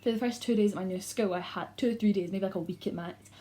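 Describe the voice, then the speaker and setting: A woman's voice: medium pitch, fast, mellow. A teenage girl with a Scottish accent, chatting casually to camera in a vlog and leaning heavily on "like" fillers. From Scotland. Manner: chatty, heavy use of "like" fillers. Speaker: YouTuber.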